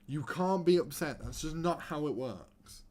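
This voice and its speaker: A man's voice: on the high side, animated, a little slow, a little mellow. A young man streaming a football manager game, commentating live with sarcastic, exasperated rants.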